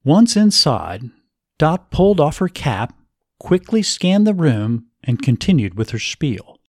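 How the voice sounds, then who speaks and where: A man narrating an audiobook in an expressive storytelling manner. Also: a little high, takes it slowly, no room sound, studio quality.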